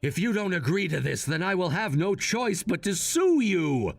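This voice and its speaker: A man voicing a calm, calculating young adult son who speaks in a matter-of-fact, quietly scheming way. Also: high voice, normal speed, vocal fry, no room sound, soft background music, exaggerated voice.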